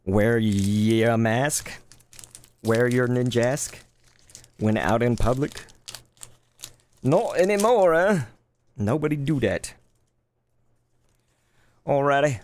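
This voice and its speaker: A man in his thirties chatting casually while opening trading cards live, laid-back and quick to get excited. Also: mid-range voice, a little hiss or hum. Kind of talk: live card-opening stream chat.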